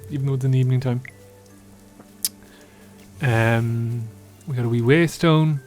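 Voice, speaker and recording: A man's voice: medium pitch, steady tone, moderate pace, long pauses, a little mellow, soft background music. A man hosting a let's-play video, giving casual, wry, joking commentary. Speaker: gaming video host.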